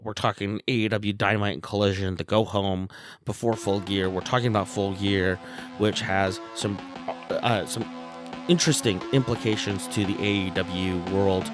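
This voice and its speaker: A man co-hosting a podcast, giving a brisk play-by-play recap of matches with small fillers. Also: on the low side. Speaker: podcast co-host.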